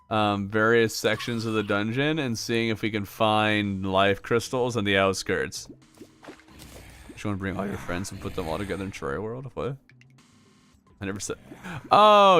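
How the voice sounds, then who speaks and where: A man's voice: mid-range voice, fairly bright tone. A man casually chatting with his viewers while playing a video game, reacting to what happens and laughing often. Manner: chatty, reacts to game events and answers chat aloud; laughs often between remarks. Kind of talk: casual livestream chat with viewers.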